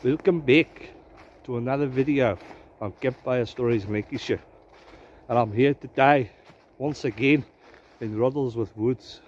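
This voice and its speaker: A man's voice: medium pitch, a little slow, long pauses, a little mellow, muffled recording. A man hosting a casual outdoor vlog in winter woods, joking around in a put-on South African accent. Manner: jokey, playful mock accent. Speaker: bushcraft vlogger host.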